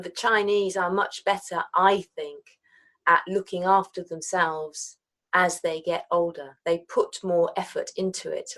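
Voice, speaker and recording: Low-voiced woman hosting an interview. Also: a bit bright. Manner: agreeable, asks tag questions, laughs easily. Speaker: podcast host. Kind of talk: casual interview chat.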